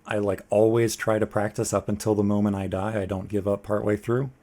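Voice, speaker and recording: A man's voice: on the low side, flat delivery, a little fast, dark tone. A man giving casual, jokey let's play commentary, talking to the boss as he fights it. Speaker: gaming video creator. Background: game music.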